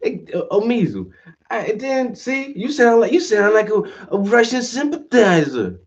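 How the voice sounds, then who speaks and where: A man rants casually, swearing freely and slipping into quick impressions of the people he quotes. His pitch leaps around in a lively way and sits on the higher side. The recording sounds dull and a little far from the mic. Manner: profane, animated, acts out quoted voices. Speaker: stream host. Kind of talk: casual rant. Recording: dull audio, mic at a distance.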